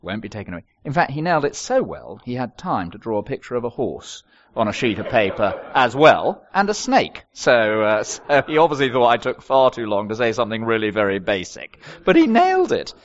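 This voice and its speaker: Lively older preacher, lo-fi. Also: male voice, medium pitch, a little fast. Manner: expressive storytelling with wry humour. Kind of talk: sermon.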